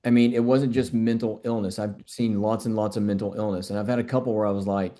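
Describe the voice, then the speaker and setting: A man's voice: mid-range voice, fairly even intonation, a little fast, few pauses, mellow. A middle-aged man, a doctor being interviewed, talking earnestly and repeating words as he thinks. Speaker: functional medicine doctor, guest. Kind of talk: conversational interview.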